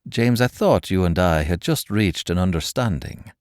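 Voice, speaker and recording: A man voicing a cold, sadistic male interrogator who taunts his captives slowly and mockingly in an audiobook thriller. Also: low-pitched, animated, no room sound, studio quality. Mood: mocking cruelty. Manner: cold, mocking, slow and menacing.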